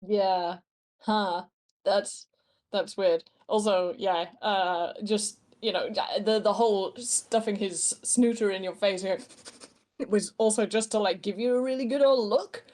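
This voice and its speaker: Joking woman player at a tabletop game, giggly, medium pitch, casual. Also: takes it slowly, warm tone. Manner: giggly, joking, laughs often.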